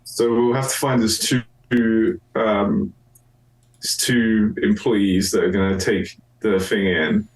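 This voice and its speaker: A man's voice: lowish voice, fairly even intonation, slow pace, reverberant, recorded from a distance, rough recording. A man playing a tabletop game, speaking hesitantly with many fillers. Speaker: player. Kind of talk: casual tabletop game play.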